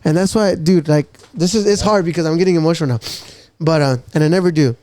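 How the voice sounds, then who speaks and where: On a podcast he co-hosts, a man talks about faith in a casual, emotional way, calling his partner "bro" and "dude" again and again and acting out God's words. His voice sits on the high side, with a darkish tone and a fast pace, and the recording is dry.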